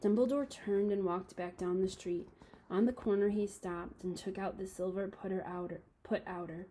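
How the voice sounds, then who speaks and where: A woman reading a children's novel aloud to a class, calm and steady with small slips. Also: mid-range voice, moderate pace, slight background noise, low-quality recording.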